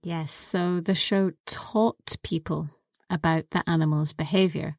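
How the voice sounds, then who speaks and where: Slow, low-voiced woman teaching English. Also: fairly even intonation, dry recording, studio quality. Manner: patient, explains words step by step. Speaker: co-host of an English lesson podcast. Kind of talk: slow, clear teaching explanation.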